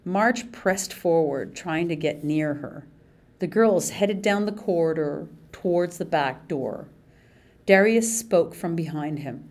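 Slow, lowish woman narrating a novel. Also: expressive, a little mellow. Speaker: audiobook narrator. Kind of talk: scripted narration.

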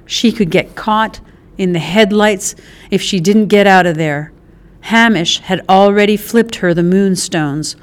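Brief: slow, smooth-voiced woman reading a novel aloud. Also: medium pitch. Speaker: audiobook narrator. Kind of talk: scripted narration.

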